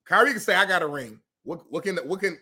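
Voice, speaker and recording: A man's voice: high-pitched, expressive, quick pace, sharp tone, breathy edge. A man co-hosting a casual sports debate show, easygoing and good-humored as he defends his views. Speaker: co-host.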